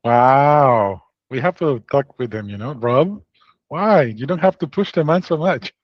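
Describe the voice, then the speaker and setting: A man's voice: medium pitch, measured pace, no room sound, highs cut off. A man chatting casually and playfully as a guest on a livestream call. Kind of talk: casual chat.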